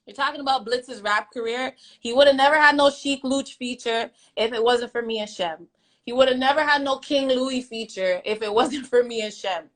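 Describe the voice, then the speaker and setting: A woman's voice: a little high, moderate pace, poor audio. A young woman telling her side in a story time rant, blunt and defiant, swearing often and repeating herself for emphasis. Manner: blunt, defiant, heavy profanity. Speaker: vlogger.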